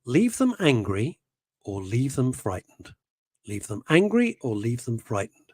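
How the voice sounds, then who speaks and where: A man's voice: medium pitch, very animated, measured pace, darkish tone, slightly rough, no echo. A middle-aged man hosting a radio show, chatting casually in a rambling, self-interrupting way and reading out listener messages.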